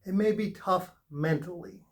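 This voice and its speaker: A man reads tarot cards in a spiritual session, speaking slowly and earnestly. His voice sits a little high for a man. He keeps repeating short, reassuring phrases. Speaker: tarot reader.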